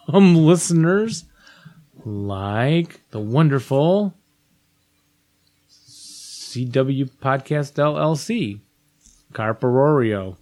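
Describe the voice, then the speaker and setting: Upbeat chatty male podcast co-host, mid pitch. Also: animated, extremely slow, pauses often, a little mellow. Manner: upbeat, chatty, reads letters aloud. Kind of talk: casual chat.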